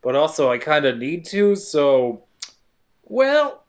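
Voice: medium pitch, sing-song, takes it slowly. Playful, sarcastic movie-recap co-host. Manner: sarcastic, playful, acts out characters' lines. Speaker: podcast co-host. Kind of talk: casual movie recap narration.

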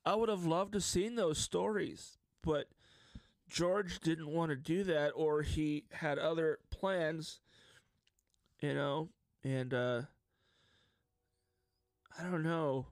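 A man hosting a solo podcast in casual chat, his fairly high voice carrying a gravelly fry. He tells stories excitedly and lets his emotions show. The sound is dry and close, with no room around it. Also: slow pace, long pauses, dry recording. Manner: excitable and openly emotional storyteller. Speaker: podcast host.

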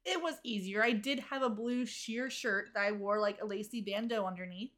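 A woman's voice: mid-range voice, normal speed, a bit bright. A woman co-hosting a podcast who chats casually and tells a story, hedging with fillers. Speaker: podcast co-host. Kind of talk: casual chat.

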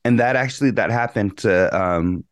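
A man's voice: fairly low pitch, normal speed, no echo. A man co-hosting a podcast, telling a story in a rambling, casual way with lots of swearing and slang. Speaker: podcast co-host. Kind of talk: casual chat.

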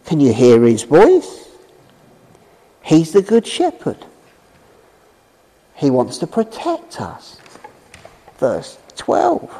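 A man preaching a sermon and telling his own story, emphatic, swinging from loud calls to low drawn-out words. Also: huge pitch swings, vocal fry, husky, long reverb tail, low-quality recording. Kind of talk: street preaching sermon with personal testimony.

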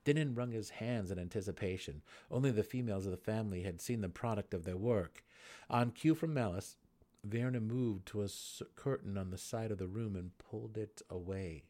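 Low-voiced man narrating fantasy. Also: mellow. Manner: dramatic, measured. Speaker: audiobook narrator. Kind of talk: dramatic fantasy audiobook reading.

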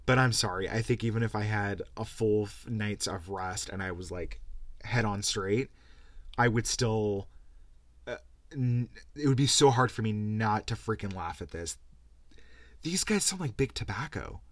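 A man's voice: on the low side, expressive, measured pace, a bit bright, no echo. A tired man hosting a podcast, ranting sarcastically, swearing freely and laughing as he talks. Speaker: podcast host. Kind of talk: casual rant.

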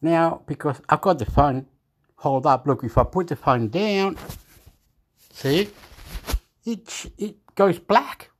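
A man vlogging into a phone at home, meandering and halting as he searches for words, chuckling often. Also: a little high, lively intonation. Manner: meandering, keeps repeating "anyway", chuckles often. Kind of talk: rambling casual chat to camera.

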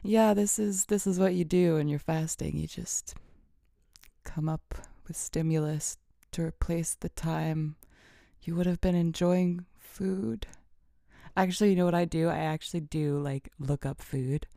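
A woman's voice: fairly low pitch, steady tone, measured pace, gravelly, mellow, no room sound, clean studio sound. A woman hosting a casual solo podcast, rambling and giggly, often dropping to a whisper, alone in a small room at a podcast mic. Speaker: podcast host. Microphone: podcast microphone.

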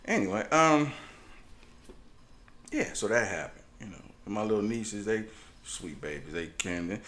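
Animated man telling stories casually. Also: medium pitch, fairly quick. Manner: animated, laughs often, mimics voices in stories. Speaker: podcast co-host. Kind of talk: casual storytelling chat.

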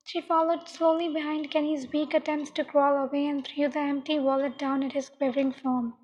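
A woman reads a dark story aloud in a calm, measured way. Her voice sits high, and the recording sounds dull and muffled. A long echoing reverb hangs around every line. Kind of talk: reading dark fiction aloud.

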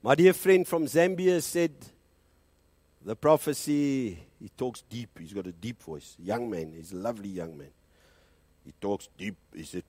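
South African man, pastor, fervent sermon, husky voice with a lively, swinging pitch, dry close sound. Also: a little slow, no echo. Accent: South African English. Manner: fervent preaching with swings between loud high peaks and quiet low passages; switches between English and Afrikaans.

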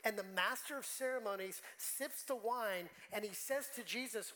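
A man's voice: high-pitched, normal speed, hardly any pauses, sharp tone, low-quality recording. Emotional, conversational male pastor preaching. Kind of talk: sermon.

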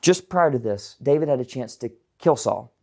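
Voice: mid-range voice, animated, normal speed, creaky, warm tone. A Bible teacher giving a casual, conversational online lesson, with chatty asides to the viewers.

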